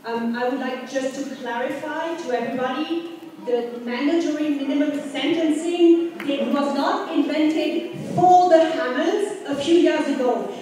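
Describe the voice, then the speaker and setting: A woman's voice: sits high, a little slow, warm tone, slight background noise. A woman from Hines, Oregon, making a firm public comment at a community meeting and setting the record straight. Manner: firm, corrective, emphatic repetition. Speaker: local resident speaking at a community meeting. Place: large community meeting hall. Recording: echoey hall recorded from far off.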